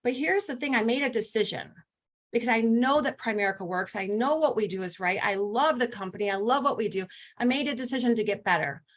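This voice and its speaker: Woman, motivational team talk, rallying, energetic, somewhat high voice, video call. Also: fairly quick. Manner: energetic, rallying, addresses listeners as "you guys". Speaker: team leader.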